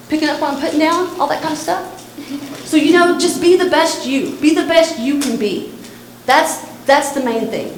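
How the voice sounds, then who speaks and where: A woman's voice: high-pitched, reverberant, slight background noise, poor audio. A middle-aged woman from Texas with a Texan accent, speaking earnestly and directly to students at a church. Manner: earnest, repetitive, direct to young listeners. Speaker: suicide prevention speaker. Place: church hall.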